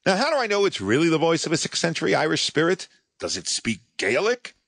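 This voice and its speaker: A man's voice: on the high side, huge pitch swings, fast talker, gravelly, a bit bright, no echo. Sarcastic guy telling a story on his show, voice jumps around a lot, dry mic. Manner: sardonic, mocking storyteller. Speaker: podcast host. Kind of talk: scripted monologue.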